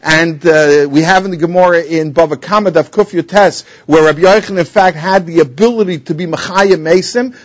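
A man with a notably high voice teaches a Talmud class. He explains the text step by step, working Hebrew and Aramaic terms into his English. The recording is dull and lo-fi. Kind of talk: Talmud lecture.

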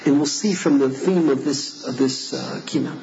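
A man's voice: mid-range voice, normal speed, creaky, darkish tone, roomy sound, a little hiss or hum. A man teaching a class, earnestly reading verses aloud and translating them. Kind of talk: lecture explaining liturgical poems. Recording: dull lo-fi recording.

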